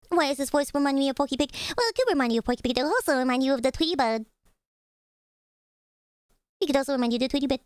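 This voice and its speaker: A woman's voice: high-pitched, expressive, rapid-fire, long pauses, no room sound, clean studio sound. A young woman livestreaming, chatting casually with her viewers, swearing freely and giggling. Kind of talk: casual reaction stream chat.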